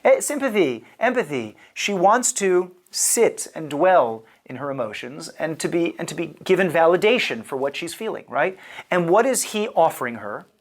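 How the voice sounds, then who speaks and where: A man's voice: on the high side, big pitch swings, normal speed. A man in his thirties, a rabbi giving a casual lecture, chatty and digressive with lots of "you know" and "like". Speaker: rabbi teaching a class.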